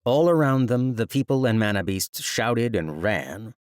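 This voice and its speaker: A man narrating a fantasy audiobook in a measured, even storytelling manner, recorded close on a studio mic. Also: mid-range voice, smooth, dry recording.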